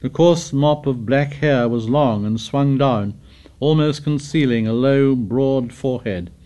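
A man narrating a novel as an audiobook, in a measured, steady literary reading. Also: mid-range voice. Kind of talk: scripted narration.

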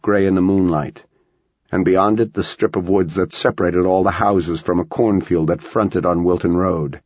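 Low, gravelly male audiobook narrator. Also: darkish tone, no room sound. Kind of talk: scripted narration. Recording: dull lo-fi dry recording.

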